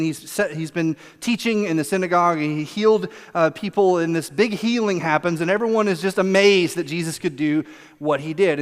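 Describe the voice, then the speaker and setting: A male pastor preaching a conversational sermon, animated, laughing often and acting out quotes. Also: high-pitched. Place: church sanctuary. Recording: long reverb of a church hall.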